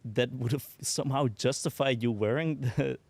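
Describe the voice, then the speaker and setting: A man hosts a casual interview, asking relaxed questions that come with some hesitations. His voice sits in the middle range and sounds dry and close to the mic. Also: mid-range voice, moderate pace, vocal fry, no echo. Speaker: interviewer, podcast host.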